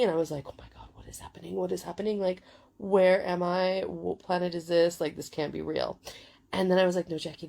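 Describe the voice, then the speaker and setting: A woman's voice: lowish voice, gravelly, dark tone. A woman in her forties telling a story in a chatty, casual way, full of fillers and swearing. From United Kingdom. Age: 40s. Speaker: vlogger.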